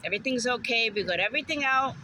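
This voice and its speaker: Woman, guest on a vlog, casual storyteller; very bright tone, faint ambience behind. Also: a little high, animated, a little hiss or hum, low-quality recording. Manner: chatty, unhurried anecdote with quoted lines. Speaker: guest friend.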